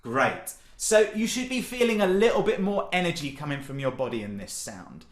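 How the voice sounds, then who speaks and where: A man leading an online singing warm-up, encouraging and cheerful, often breaking into loud demonstration sounds. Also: fairly high pitch, very animated, normal speed, roomy sound. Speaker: singing workshop leader. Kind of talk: online vocal warm-up session.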